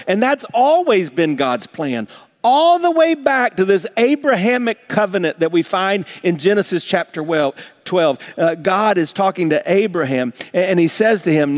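A man preaching a sermon to his congregation, earnest and emphatic, often repeating and restarting words. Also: high voice. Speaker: pastor.

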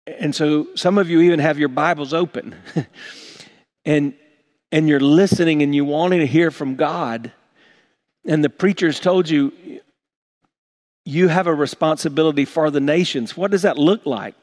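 A man's voice: on the high side, moderate pace, long pauses, darkish tone. A man preaching a sermon to his congregation, earnest and emphatic, often repeating and restarting words. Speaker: pastor.

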